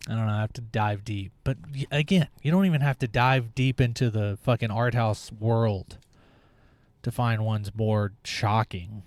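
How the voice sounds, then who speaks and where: A man's voice: fairly low pitch, normal speed, darkish tone, no room sound. A young man hosting a podcast, talking in a blunt, opinionated monologue and swearing freely. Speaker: podcast host. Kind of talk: casual monologue.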